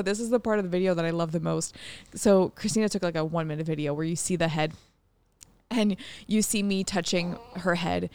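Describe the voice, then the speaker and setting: A woman's voice: on the low side, darkish tone, clean tone, no echo. A young woman co-hosting a podcast, telling a personal story candidly, swearing freely and laughing often. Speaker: podcast co-host.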